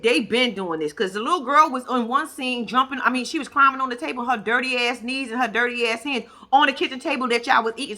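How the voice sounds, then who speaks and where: A woman vlogger giving a casual, profane recap of a reality-TV episode to her viewers. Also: on the high side. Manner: blunt, profane, animated storytelling. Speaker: YouTube reaction vlogger.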